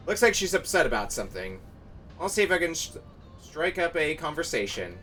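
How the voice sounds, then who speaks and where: A man chats wryly over his gameplay and jokes at his own expense. His voice is bright and forward. The mic is a little way off, with a faint hum behind. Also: a little high, sing-song, normal speed, recorded from a distance. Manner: wry, self-deprecating. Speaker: streamer. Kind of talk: casual gameplay commentary.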